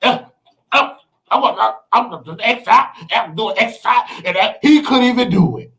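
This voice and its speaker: A man's voice: high voice, lively intonation, moderate pace, gravelly, bright, forceful tone. Preachy Southern American man ranting. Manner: preachy, mocking, acts out quotes in other voices. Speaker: host. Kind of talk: animated commentary rant.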